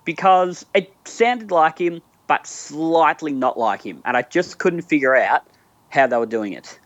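A man co-hosting a casual podcast discussion, talking enthusiastically with quick asides. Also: a little high, expressive, a bit bright, no room sound. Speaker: podcast co-host. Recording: slightly dull lo-fi audio.

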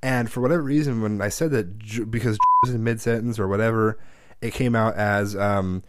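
A man's voice: on the low side, a little fast, noisy background. A man in his thirties in a casual chat, telling family stories with lots of swearing and acted-out quotes. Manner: profane, animated storyteller who acts out quotes.

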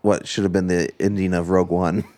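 Low-voiced opinionated man. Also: flat delivery, a little fast, noisy background. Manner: offhand, opinionated. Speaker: podcast co-host. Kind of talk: casual movie chat.

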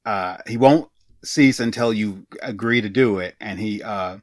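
Low, dry-sounding man, halting podcast co-host. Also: dry recording. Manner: halting, with frequent "uh" and "um". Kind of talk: casual chat summarizing game material.

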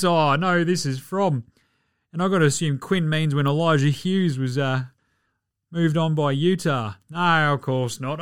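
A man's voice: a little high, moderate pace, fairly bright tone, smooth, no echo, clean studio sound. Choked-up Australian man in a comedy skit. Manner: mock-sentimental, playing up being choked with emotion. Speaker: mock HR advice segment presenter.

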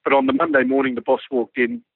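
A man with an Australian accent, a former army pilot, telling a lively anecdote and acting out the dialogue. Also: medium pitch, quick pace, no room sound. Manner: animated yarn-spinning, acts out quoted dialogue. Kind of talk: storytelling anecdote on radio. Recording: narrow phone-like radio line, dry.

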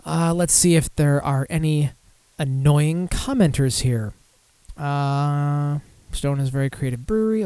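A man with a higher-than-usual voice hosts a casual podcast. He reads news aloud and breaks off for profane, sarcastic asides. The sound is dry and close. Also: unhurried, dark tone, clean tone, no echo. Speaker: podcast host.

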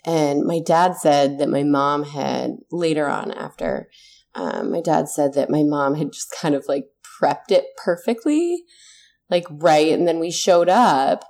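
A woman's voice: low-pitched, expressive, unhurried, darkish tone. A woman, a mother in her thirties, earnestly telling a personal story in a casual chat, swearing now and then when heated.

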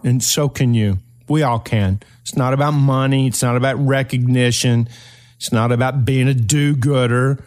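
An older man from eastern Kentucky, hosting his own podcast and telling a personal story in an earnest, motivational way with slow, emphatic phrases. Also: on the high side. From eastern Kentucky, Appalachia. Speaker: podcast host.

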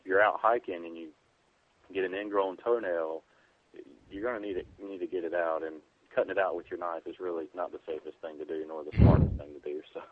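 Speaking fast in a low-pitched, steady voice, a man appears as an EMT guest on a preparedness podcast. The tinny phone line carries no echo. He keeps things easygoing and plain, filling gaps with plenty of fillers in this casual interview.

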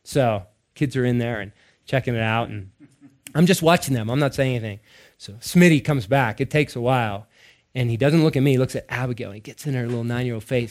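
A man in his thirties or forties preaching, telling family stories with laughter and animated bursts. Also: medium pitch, a little fast. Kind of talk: sermon-style storytelling.

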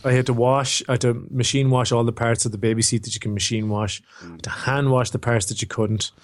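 A man's voice: medium pitch, fairly even intonation, brisk. Rambling, jokey young man. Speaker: podcast co-host. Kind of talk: casual chat.

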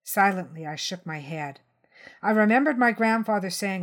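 A woman reading a crime short story aloud in first person, steady and tense. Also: medium pitch, moderate pace. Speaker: story reader.

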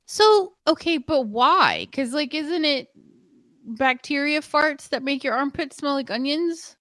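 Young female podcast co-host, lively swooping delivery, blunt, laughs easily. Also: high-pitched, a little slow, dry recording, clean studio sound. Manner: blunt, venting, laughs often. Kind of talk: casual podcast chat.

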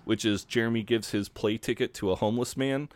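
A man, co-hosting a casual podcast chat, laid-back and quick to swear and laugh. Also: mid-range voice, fairly even intonation. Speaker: podcast co-host. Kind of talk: casual chat recapping a TV episode.

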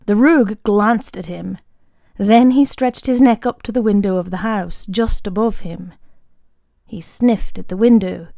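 A woman narrates a short story in a calm, measured manner. Her pace is slow and her tone mellow. The recording is dry and close. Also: mid-range voice, no room sound. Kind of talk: audiobook reading of a short story.

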